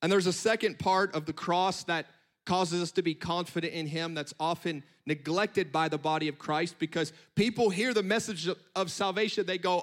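A man delivering a sermon from the pulpit, his voice sitting high for a man. He talks in a lively, conversational way, breaking off for quick asides as he makes his points. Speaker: preacher.

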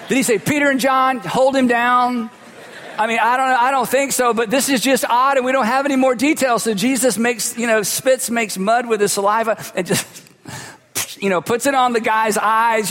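A man's voice: very high voice, fairly bright tone. A man preaching a sermon as a pastor, telling stories in a conversational way with humorous asides. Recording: long hall reverb.

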